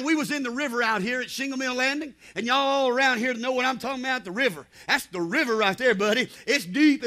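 A man's voice: very high voice, sharp tone. A man with a Southern US accent preaching a sermon as pastor, telling stories and punctuating with amens. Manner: preaching with frequent amens, storytelling.

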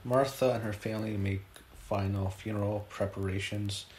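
A man giving a casual spoken review, retelling events haltingly with many fillers and restarts. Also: fairly low pitch, steady tone, darkish tone, roomy sound, a little hiss or hum.

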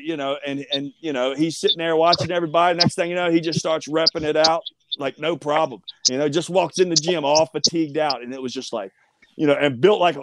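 A man's voice: fairly high pitch, a bit bright, dry recording. A man interviewing a former teammate, asking rambling questions about old coaches and laughing often. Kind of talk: casual interview.

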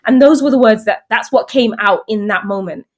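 Briskly and in a fairly high voice, a woman in her thirties from England tells stories as a guest in informal conversation. She brings them to life animatedly, voicing the characters she quotes.

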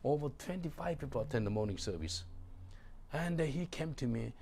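A middle-aged man, a pastor preaching a sermon in halting, broken English. He drops to low murmurs and then bursts out loudly. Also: animated, slight background noise. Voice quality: gravelly. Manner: swings from low murmurs to loud exclamations.

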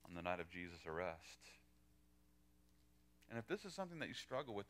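A male pastor teaching a verse-by-verse sermon, acting out quoted dialogue with big lively swings. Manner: animated, acts out quoted lines with pitch jumps.

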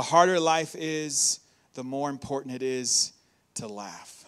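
Speaking slowly and pausing often, a high-voiced male pastor delivers an upbeat, animated sermon in a church hall. Frequent laughter punctuates his points as he engages closely with the congregation.

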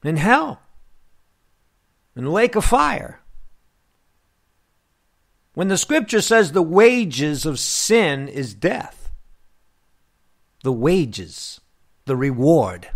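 A man preaching a sermon to his listeners, slow and emphatic, with long pauses. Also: fairly high pitch, big pitch swings. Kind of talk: radio sermon.

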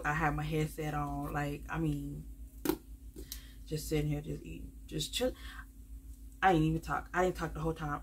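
A woman with a low, deep-set voice talks loosely to her viewers in a vlog. She rambles from thought to thought with plenty of ums and likes, and keeps turning to the audience as "y'all." Faint noise hums under her voice. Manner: rambling, many fillers, calls viewers "y'all". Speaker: budgeting vlogger. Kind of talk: casual chatty vlog to viewers.

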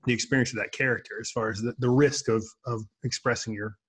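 A man co-hosting an interview, asking a thoughtful, measured question. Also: mid-range voice, steady tone, a bit bright, breathy edge. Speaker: interview co-host.

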